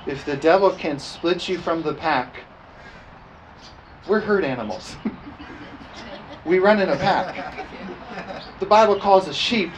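A man's voice: a little high, lively intonation, slow, pauses often, slight background noise, poor audio. A man preaching a sermon as pastor, emphatic and repetitive, calling for responses from the congregation.

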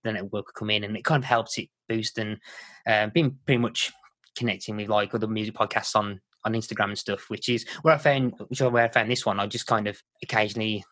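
A man's voice: on the low side, fairly even intonation, quick pace, fairly bright tone, dry recording. A man from the Black Country with a Black Country English accent, chatting as a podcast guest in a rambling way with lots of fillers. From Walsall, Black Country, England. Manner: rambling, many fillers and restarts. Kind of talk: casual chat.

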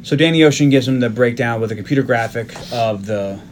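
A man's voice: mid-range voice, fast, a little hiss or hum. A man co-hosting a casual movie podcast, retelling scenes and acting out characters' lines with lots of laughter. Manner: animated, acts out quotes from scenes. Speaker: podcast co-host. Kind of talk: casual chat recapping a movie.

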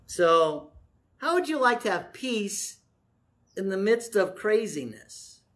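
A middle-aged man preaching a sermon in a folksy way, with joking asides, slowing down to stress key words. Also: high-pitched, sing-song, a bit bright. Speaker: pastor.

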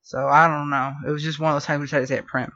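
A woman telling a rambling story in casual podcast chat, animated and full of fillers. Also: low-pitched, racing. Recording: dull lo-fi podcast audio.

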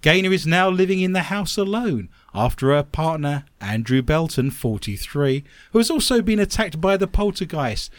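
A man's voice: fairly high pitch, big pitch swings, normal speed, few pauses, dry recording. A man hosting a comic radio show, reading odd news stories with sarcastic asides. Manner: joking, sarcastic asides, laughs often.

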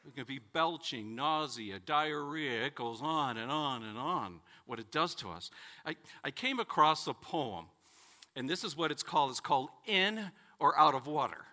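Bright-voiced man preaching a sermon. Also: on the high side, lively intonation. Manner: storytelling with dramatic pauses and voiced characters.

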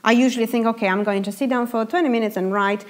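Young female preacher, expressive storyteller, voice sits a bit high, sermon delivery. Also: fast. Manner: lively, animated storytelling.

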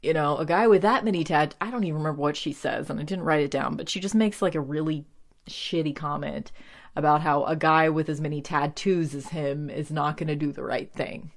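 A chatty woman in her late thirties, originally from the Midwest, talks through a TV show in a loose, rambling way. Her voice sits a little low, and she fills her sentences with "like" and little laughs. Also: fairly quick. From American Midwest. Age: 30s. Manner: chatty, rambling, full of "like", giggles often. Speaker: TV show recapper. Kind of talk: casual chat.

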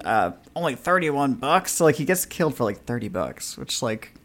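A man's voice: fairly low pitch, big pitch swings, brisk. A man from New Jersey co-hosting a casual movie-review podcast, full of wry jokes and asides. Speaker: podcast co-host.

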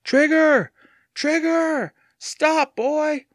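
A man voicing an excitable young boy in a storybook reading. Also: a little high, brisk, slightly rough, no room sound, clean studio sound, pitched above the performer's own voice, exaggerated voice. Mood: desperate. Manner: eager, shouting at times.

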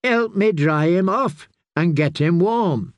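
A man's voice: a little high, sing-song, slow pace, a little mellow, dry recording, muffled recording, voice pushed up. A man doing a timid, anxious young steward. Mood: urgent. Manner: pleading, earnest.

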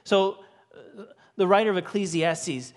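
With a high-pitched voice and a measured pace, a co-lead pastor in his forties preaches from a church stage to his congregation. He relates personal stories earnestly and emotionally, his emphasis climbing.

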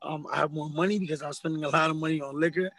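A man's voice: fairly high pitch, fairly even intonation, racing, fairly bright tone, no echo. A young adult man speaking earnestly as an interview guest, rambling and repeating himself. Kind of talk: candid personal interview. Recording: dry, tinny phone-like line.

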